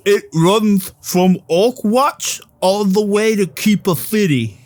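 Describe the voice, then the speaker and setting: A man voicing a grave, pompous male martial-arts priest who speaks slowly and formally. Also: mid-range voice, no echo, lightly acted. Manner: slow, grave, formal speech.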